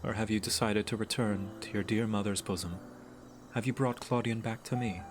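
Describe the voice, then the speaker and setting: A man's voice: on the low side, fairly even intonation, normal speed, over music, natural voice. A man reading the lines of a cold, scornful goddess mother in a game, with disdainful, old-fashioned phrasing.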